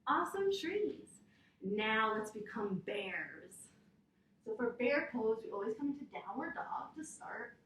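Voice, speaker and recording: A woman teaching yoga to children, reading a story aloud in a gentle, encouraging way and roaring and meowing with them. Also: on the high side, big pitch swings, unhurried, far from the mic. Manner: gentle, encouraging, playful animal sounds. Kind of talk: storytime with kids' yoga instruction. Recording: echoey room.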